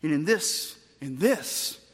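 Man, pastor, high voice, emphatic sermon, long hall reverb. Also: animated, slow, breathy edge. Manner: emphatic preaching, swings between loud and soft.

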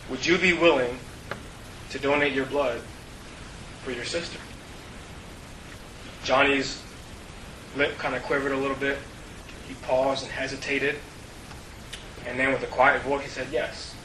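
Earnest preacher man in a roomy church. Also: medium pitch. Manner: earnest storytelling preaching, drops to a hush at key points. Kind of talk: sermon. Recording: roomy, distant mic with faint hiss.

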